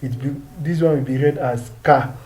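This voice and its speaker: A man's voice: medium pitch, steady tone, normal speed, darkish tone, a little hiss or hum, poor audio. A man with a Nigerian English accent teaching French pronunciation, patiently drilling words and asking rhetorical questions. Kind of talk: pronunciation lesson.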